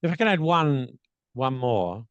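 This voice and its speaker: A man's voice: medium pitch, big pitch swings, a little slow, fairly bright tone, smooth, dry recording, muffled recording. A man co-hosting a podcast, explaining pronunciation tips in casual chat, thinking aloud with many restarts and demonstrating examples aloud. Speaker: podcast co-host.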